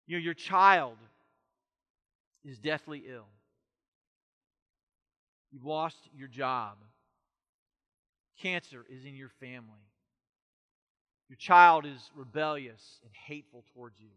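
Man preaching, passionate, bright forceful voice, slow deliberate delivery, long hall reverb. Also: on the high side. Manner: impassioned preaching, swings from loud to hushed. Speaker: pastor. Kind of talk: sermon.

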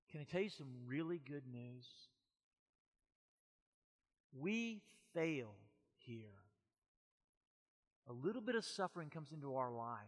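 A man preaching a sermon with great passion, moving between loud urgent passages and hushed quiet ones. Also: medium pitch. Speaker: pastor. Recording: long hall reverb.

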